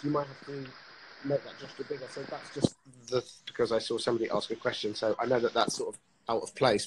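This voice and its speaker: A man with a husky voice, chatting casually on a live stream, rambling and joking and often breaking off mid-sentence. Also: medium pitch, background noise. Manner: rambling, self-interrupting and jokey. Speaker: actor and live stream co-host.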